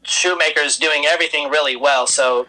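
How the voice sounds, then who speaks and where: Male co-host, bright and animated, fairly high, quick to laugh. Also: low-quality recording. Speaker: podcast co-host. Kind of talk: casual podcast chat.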